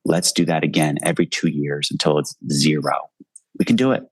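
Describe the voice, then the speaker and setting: A man's voice: rumbling low, brisk, breathy edge, no echo, low-quality recording. A man in his forties, an author speaking earnestly and with passion in an interview from his home. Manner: earnest, impassioned, speaks in bursts. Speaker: author and guest. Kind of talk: video call interview.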